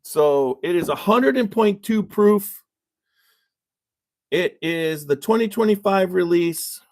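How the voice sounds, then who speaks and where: Rambling casual man, slightly high voice. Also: animated, slow pace, a little mellow. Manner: rambling, loose storytelling. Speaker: whiskey reviewer, show host. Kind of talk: casual tasting chat.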